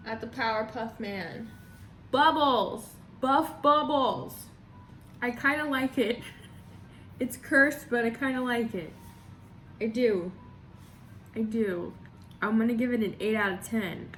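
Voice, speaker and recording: A woman vlogger in casual reaction commentary, laughing often and trailing off mid-thought. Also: a little high.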